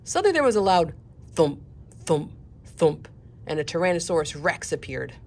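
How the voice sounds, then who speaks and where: A woman reading a children's picture book aloud in an expressive way. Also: deep voice, normal speed. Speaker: storyteller.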